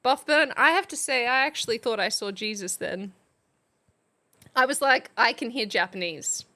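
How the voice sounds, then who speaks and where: A woman's voice: high voice, expressive, moderate pace, sharp tone. A woman with a general Australian accent, hosting a mock classroom lesson on a live stream in a playful, chatty, teacherly way.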